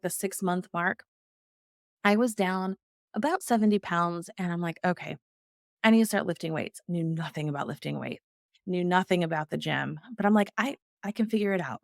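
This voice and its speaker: A woman's voice: medium pitch, darkish tone, no echo, studio quality. A middle-aged woman, a guest in an interview, telling her personal story earnestly and acting out the dialogue she quotes.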